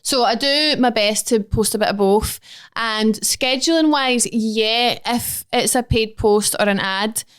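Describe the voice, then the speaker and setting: A woman's voice: fairly high pitch, a little slow, a bit bright, smooth. A Scottish woman in her twenties, chatting casually as a podcast guest, self-deprecating and full of "like" fillers. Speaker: guest, social media influencer.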